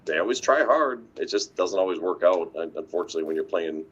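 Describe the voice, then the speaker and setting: A man's voice: low voice, animated, fast talker, a bit bright, breathy edge, muffled recording. A man co-hosting a casual sports talk show, an easygoing coach who rambles and laughs often. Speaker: coach and podcast co-host.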